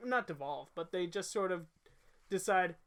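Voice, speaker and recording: A man's voice: high voice, expressive, normal speed, fairly bright tone. Easygoing young man, laughs a lot. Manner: easygoing, laughs a lot, summing up notes with many fillers. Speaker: podcast co-host. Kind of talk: casual chat.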